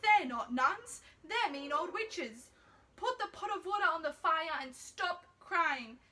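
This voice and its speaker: A kindly little old man who pops out of a pot with magic help, as a woman puts on his voice. He reassures in a high, bright tone, gentle and matter-of-fact. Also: lively intonation, takes it slowly, distant mic, heavily acted. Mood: reassuring. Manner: soothing, reassuring.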